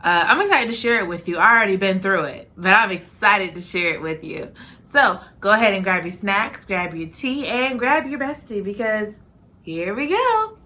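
Woman podcast host, bright crisp voice, casual chatty delivery with playful asides. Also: mid-range voice, normal speed. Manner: chatty, animated, laughs at her own slips. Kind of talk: casual chat and book reading.

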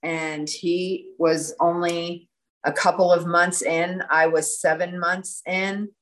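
A middle-aged woman telling an animated story in an interview and acting out the lines of the people in it. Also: on the low side, takes it slowly, poor audio. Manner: animated, breathless storytelling with quoted dialogue. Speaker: guest.

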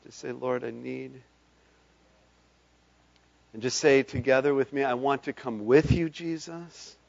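Male pastor for an altar call and benediction: fervent, building to loud impassioned calls, mid-pitched voice on a dull lo-fi recording. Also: moderate pace. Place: church sanctuary.

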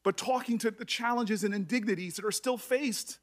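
A middle-aged man speaking at a hearing as a senator, emotional and halting, often restarting his sentences. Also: sits high. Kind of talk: emotional public address.

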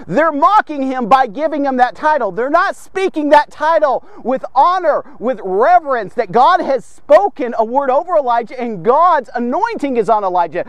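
A man's voice: very high voice, very animated, normal speed, few pauses, no room sound. A man preaching a devotional podcast sermon, fervent and emphatic, asking and answering his own rhetorical questions.

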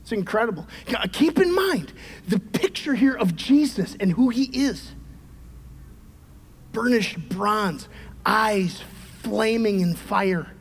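A middle-aged male pastor preaching a sermon, emphatic, swinging from shouted peaks to quiet conversational asides. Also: high-pitched, lively intonation, slow, vocal fry, husky. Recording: long hall reverb.

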